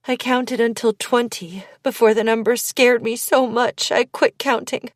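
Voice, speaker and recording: Slow, measured woman reading an audiobook. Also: a little high, dry recording, clean studio sound. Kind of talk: audiobook narration.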